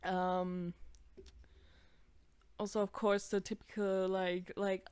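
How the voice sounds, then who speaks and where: A woman's voice: medium pitch, flat delivery, slow pace, pauses often, darkish tone, clear, resonant tone, dry recording. Young woman laughing at her own videos. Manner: chatty, swears a lot, laughs at herself. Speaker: video creator. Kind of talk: casual reaction commentary.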